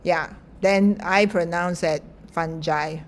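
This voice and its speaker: A middle-aged woman gives an informal lecture. She talks slowly and in a fairly low voice, chatty, with lots of fillers and light laughs. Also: slight background noise.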